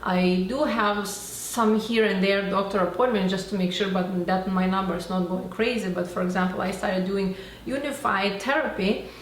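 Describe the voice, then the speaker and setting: Speaking at normal speed in a mid-range voice, this Florida beauty and self-help vlogger records a casual talking-to-camera video at home. She's enthusiastic and chatty, rambles, and performs quoted dialogue, with roomy echo and faint background noise around her.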